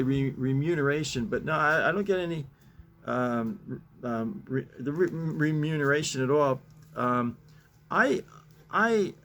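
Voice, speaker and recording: A man's voice: mid-range voice, slight background noise. A man hosting a casual talk, reading newspaper comics aloud, chuckling often and rambling with fillers. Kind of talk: casual chat.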